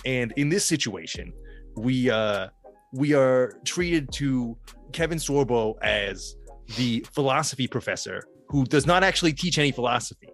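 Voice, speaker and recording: A man co-hosts a comedy podcast and recaps a movie with dry sarcasm, a few curse words and plenty of ums. His voice sits in an ordinary middle pitch, with soft music playing faintly in the background. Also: expressive, moderate pace. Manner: sarcastic, swears freely, many filler ums. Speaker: podcast co-host. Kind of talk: casual comedic movie-review chat.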